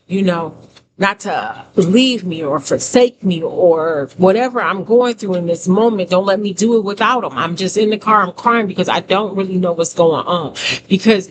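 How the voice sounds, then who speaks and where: A woman giving a conversational testimony sermon as a prophetic teacher, emphatic, repeating phrases and talking straight to her listeners. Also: fairly low pitch. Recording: noisy background hiss.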